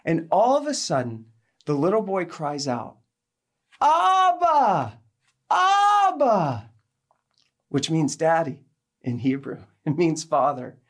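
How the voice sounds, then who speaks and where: A woman giving a sermon, telling a personal story with animated delivery and acting out the people in it. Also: low voice, measured pace. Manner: animated, acts out quoted people, laughs while telling. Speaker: speaker giving a faith talk.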